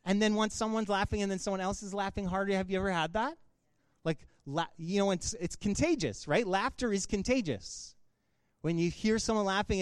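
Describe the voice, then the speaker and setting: Man, pastor, relaxed chatty preaching, high voice, dry close sound. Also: no echo. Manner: casual, conversational preaching with filler words and laughter. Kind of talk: sermon.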